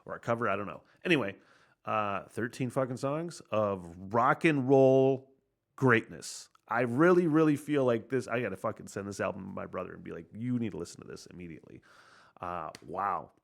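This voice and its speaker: A man hosting a podcast, reacting casually to a punk album, excitable and swearing often. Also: on the low side, moderate pace, creaky. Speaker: podcast host reviewing an album.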